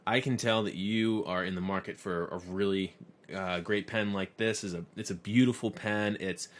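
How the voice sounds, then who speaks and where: A man voicing a nervous new male salesman who fumbles his pitch. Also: steady tone, normal speed, natural voice. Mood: fumbling. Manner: fumbling, flustered.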